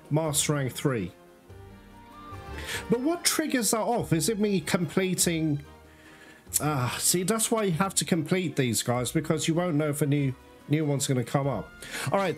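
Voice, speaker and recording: Excitable swearing gamer man over music. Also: a little high. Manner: excitable, swears often, talks to viewers as guys. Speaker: let's play host. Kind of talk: gameplay commentary. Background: game music.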